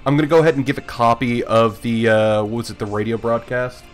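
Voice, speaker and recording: A man's voice: mid-range voice, fast, soft background music. A man running a live tabletop game stream as game master, chatty and self-mocking.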